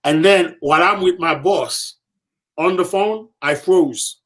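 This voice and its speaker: A man guest on a podcast telling a personal story, lively and repetitive, acting out what others said. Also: high voice, slow pace. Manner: lively, acts out quoted voices, repeats himself for emphasis. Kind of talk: animated storytelling.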